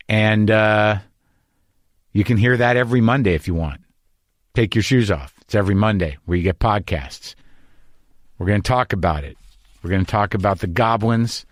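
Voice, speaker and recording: A middle-aged man hosting a podcast, delivering an anxious, rambling, profane comic monologue in a deadpan way before chatting with a guest in his home studio. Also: lowish voice, no room sound. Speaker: podcast host.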